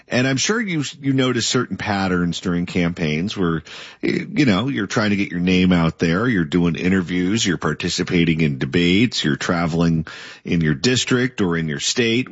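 A male interview host talks in a husky voice and stacks up several points before he reaches his question. The sound is dry and close, with a dull lo-fi tone. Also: low voice, dry recording. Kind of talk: political interview.

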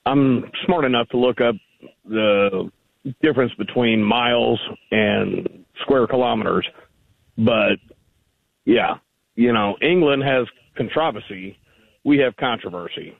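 A man phones in to a radio show, his voice gravelly and rough. He argues in a rambling way, full of fillers. The sound is tinny and dry, like a phone line. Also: mid-range voice, a little slow, dry recording. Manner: argumentative, rambling, many fillers. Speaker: caller. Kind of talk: call-in radio conversation.

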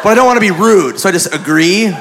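A man doing stand-up, telling a story in an animated, profane way and acting out the people in it, on a club mic. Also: high-pitched, quick pace. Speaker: stand-up comedian. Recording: live club mic with a noisy crowd.

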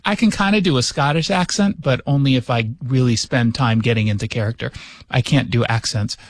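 A man's voice: mid-range voice, brisk, no echo. A man hosting a talk show from his studio, joking and sarcastic, often restarting his sentences. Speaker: radio talk show host. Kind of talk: casual talk show banter. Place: studio, cold.

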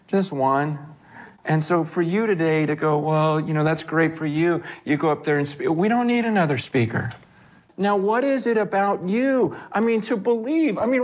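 Animated high-voiced male preacher. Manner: conversational, animated, acts out quoted voices. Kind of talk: sermon.

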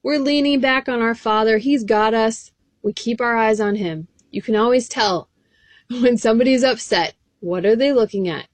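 A woman's voice: on the high side, normal speed, no echo. A woman preaching an encouraging sermon, reading scripture verses aloud in an earnest way.

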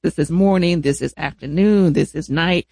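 A man telling family caregiving stories in an animated, laughing manner. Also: a little high, gravelly, no echo. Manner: animated storyteller, laughs often, drawn-out emphasis. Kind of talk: casual family storytelling.

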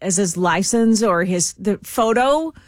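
A woman's voice: medium pitch, lively intonation, measured pace, dry recording, studio quality. A woman co-hosting a talk show in casual chat, laughing often and trailing off mid-sentence. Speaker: radio show co-host.

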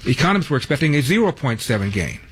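A man's voice: mid-range voice, sing-song, racing, breathy edge. Wry talk radio host, a man. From Los Angeles. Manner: wry, sardonic commentary.

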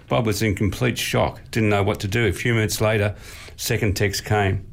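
A man's voice: lowish voice, fairly even intonation, moderate pace, vocal fry. A man, co-hosting a casual chat and telling jokes in a storytelling manner. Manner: storytelling, chuckles mid-joke. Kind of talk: casual joke-swapping chat.

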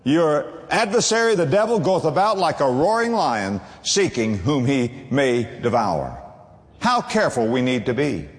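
A man preaching a sermon as pastor, emphatic, swinging between low and high. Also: very animated, unhurried, big-room sound.

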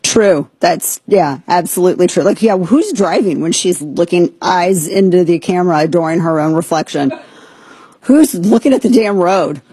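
A woman's voice: on the low side, animated, moderate pace, mellow, husky, no room sound. A woman hosting a talk radio show, giving sarcastic, incredulous commentary.

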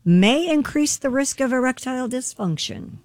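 A woman reading news items on a radio show in a steady, matter-of-fact way. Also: sits high, moderate pace, no room sound.

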